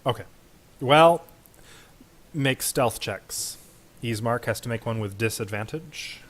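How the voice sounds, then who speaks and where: A man running a tabletop game as game master, laid-back, laughing easily, and giving quick rulings. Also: mid-range voice, a bit bright.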